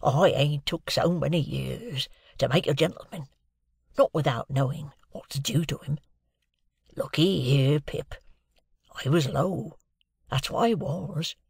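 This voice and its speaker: Old convict, slow and husky, hoarse hush; narrator voices him. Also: male voice, mid-range voice, dry recording, clean studio sound, exaggerated voice. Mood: hushed, pleading. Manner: coarse dialect, hoarse hushed urgency. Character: rough older male convict, fiercely devoted.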